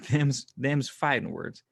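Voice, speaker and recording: A man hosts a casual livestream, reading and answering his chat in a rambling way while laughing often and swearing freely. His mid-range voice is expressive and slow, with a creaky quality and a fairly bright tone.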